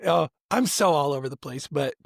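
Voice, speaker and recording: A man co-hosts a casual podcast, telling stories in a rambling, animated way full of restarts. His voice sits a bit high. The sound is dry and close. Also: brisk, gravelly, dry recording. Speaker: podcast co-host. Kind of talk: casual chat.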